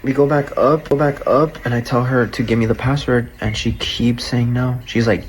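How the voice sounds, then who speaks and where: A man's voice: mid-range voice, normal speed, slight background noise, low-quality recording. A man telling a personal story in a casual, profane way, acting out what was said to him. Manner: profane, animated, acts out quoted dialogue. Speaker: storyteller recounting a breakup.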